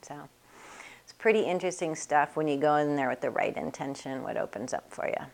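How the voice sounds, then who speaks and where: Woman, deep voice, gravelly edge, chatty storyteller, laughs between anecdotes. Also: lively intonation, brisk. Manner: chatty, acts out other people's voices in quotes, laughs often. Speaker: equine bodywork practitioner and teacher.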